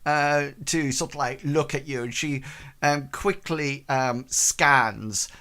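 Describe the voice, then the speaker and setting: A man narrating a tabletop game as game master, in a halting, hesitant way with many pauses and restarts. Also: fairly high pitch, sharp tone.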